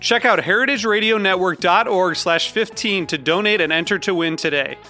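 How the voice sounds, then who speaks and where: A man reads a donation appeal in a high, bright voice. The delivery is earnest and read aloud. Soft guitar plays behind him. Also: a little fast. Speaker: radio network announcer. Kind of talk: scripted fundraising appeal.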